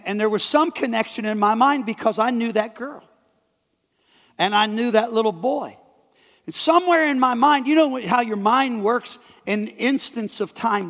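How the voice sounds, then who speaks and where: High-voiced preacher in an echoing hall. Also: male voice, fairly bright tone. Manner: halting, repeats and restarts words. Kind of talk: sermon storytelling. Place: church hall. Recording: long hall reverb.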